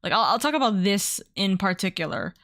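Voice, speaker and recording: Excitable rambling woman streamer, dry sound. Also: mid-range voice, brisk, no echo. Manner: rambling, excitable, swears freely. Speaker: VTuber streamer. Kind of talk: casual livestream chat.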